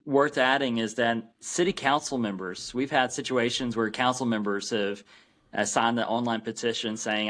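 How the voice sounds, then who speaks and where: A man's voice: mid-range voice, steady tone, normal speed, fairly bright tone. A man as a podcast guest, explaining earnestly and often restarting his sentences. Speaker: guest, anti-abortion campaign founder. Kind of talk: podcast interview.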